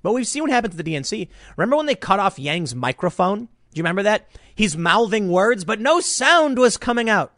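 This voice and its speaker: Male political commentator with a high, swooping voice. Rambling, animated delivery with many restarts. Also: brisk, few pauses, dry recording, studio quality.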